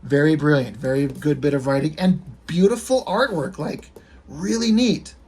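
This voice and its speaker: A man's voice: fairly high pitch, moderate pace, darkish tone, slight background noise. A man giving a casual, rambling, enthusiastic commentary on comic strips. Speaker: comic reviewer.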